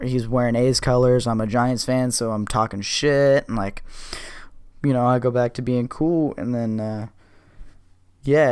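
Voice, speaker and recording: A man's voice: medium pitch, clean tone, dry recording. A man hosting his own podcast, telling a personal story in a blunt, profane, casual way, stumbling over and correcting his words. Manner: profane, blunt, restless retelling with self-corrections. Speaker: podcast host.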